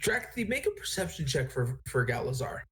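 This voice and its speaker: Rambling game master with lively pitch. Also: fairly quick. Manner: rambling, self-correcting narration. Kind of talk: narrating a tabletop game.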